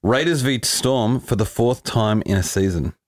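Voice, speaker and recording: Aussie guy cohosting a footy pod, lowish voice, swears a lot, jokey. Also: lively intonation, moderate pace, no room sound, studio quality. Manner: swearing, joking, laughs often. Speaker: podcast co-host. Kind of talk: casual sports podcast banter.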